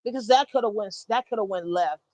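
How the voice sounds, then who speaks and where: A woman telling a story in a blunt, animated way. She swears freely and talks straight to her listeners as y'all. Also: mid-range voice, fast talker, no echo, rough recording. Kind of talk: casual storytime.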